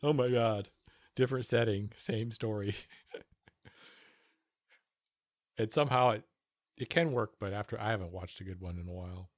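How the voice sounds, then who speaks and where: A man's voice: fairly low pitch, moderate pace, long pauses, no room sound, studio quality. A man streaming from home, giving casual, profane, sarcastic commentary as he reacts to a news panel. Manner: profane, sarcastic, talks over the clip.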